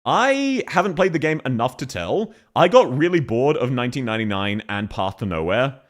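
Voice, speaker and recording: A man's voice: mid-range voice, very animated, normal speed. A young Australian man streaming, joking and laughing as he ranks voice acting in casual chat. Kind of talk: casual chat, ranking reactions.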